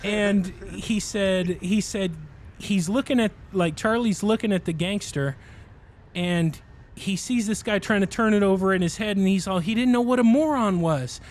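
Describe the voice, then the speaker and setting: A man's voice: sits high, fairly even intonation, normal speed. A man streaming a game, chatting casually and telling a long rambling story with frequent laughs. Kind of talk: casual chat while livestreaming a game.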